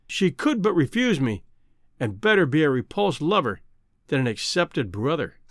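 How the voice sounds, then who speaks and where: A man narrates a classic novel in a measured, literary way. His voice sits somewhat high and moves with lively expression. The recording is close and dry. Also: no echo. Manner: measured, old-fashioned literary reading. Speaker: audiobook narrator. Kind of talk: scripted narration.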